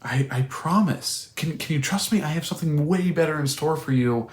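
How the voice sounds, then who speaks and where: Imagine a patient, gently coaxing father who keeps urging his boy to come along, as a man takes on the part. His voice is lifted higher than the storyteller's own and sounds reassuring. The sound carries a roomy echo. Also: moderate pace, natural voice.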